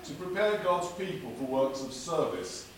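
Guest preacher, animated and fairly high, distant mic in a very echoey church. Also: male voice, moderate pace. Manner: lively, dramatic delivery with big pitch swings. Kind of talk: sermon with jokes. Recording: echoey church from far off with noise.

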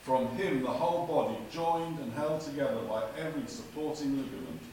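Guest preacher, animated and fairly high, distant mic in a very echoey church. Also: male voice, fairly quick. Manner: lively, dramatic delivery with big pitch swings. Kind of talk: sermon with jokes. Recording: echoey church from far off with noise.

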